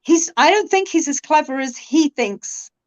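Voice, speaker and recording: A woman's voice: sits high, animated, a little slow, a little mellow. Chatty British woman, lo-fi line. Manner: chatty, laughs often, many restarts. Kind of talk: casual conversation.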